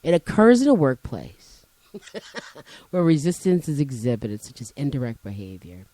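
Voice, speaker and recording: A woman's voice: a bass voice, lively intonation, measured pace, mellow, dry recording, rough recording. A woman co-hosting a casual chat, teasing her partner and lecturing him on words and definitions. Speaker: co-host.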